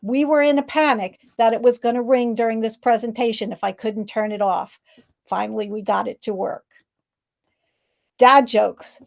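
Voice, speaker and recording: A woman's voice: fairly high pitch, steady tone, normal speed, vocal fry. A woman giving an online presentation on laughter and leading laughter exercises, talking upbeat over a video call. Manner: upbeat, demonstrates rhythmic ho ha he laughter sounds.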